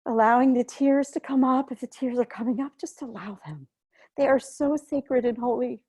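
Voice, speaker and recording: A woman leading an online grief yoga session, giving soft, gentle guidance through a headset mic. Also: fairly high pitch, normal speed, slightly rough.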